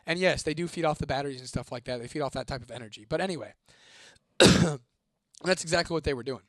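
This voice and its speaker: A man's voice: a little high, brisk, dry recording, studio quality. A young man casually telling a creepy story to viewers, swearing freely and talking with energy. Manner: profane, animated, reads a viewer comment aloud. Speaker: host.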